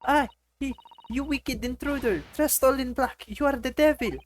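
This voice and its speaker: Shrill, accusing passenger, a woman doing the voice; high and theatrical. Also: moderate pace, a little hiss or hum, lightly acted.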